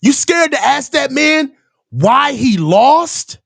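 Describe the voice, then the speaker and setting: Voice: high-pitched, sing-song, slow, gravelly, a bit bright, dry recording. A host of a live reaction show ranting sarcastically about a press conference, swearing freely. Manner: heated, sarcastic, swears a lot, mocks reporters in put-on voices. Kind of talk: profane sports rant.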